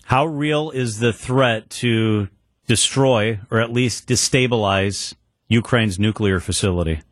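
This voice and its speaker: A man hosting an afternoon radio news show, asking brisk, conversational questions in a studio. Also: on the low side, no echo.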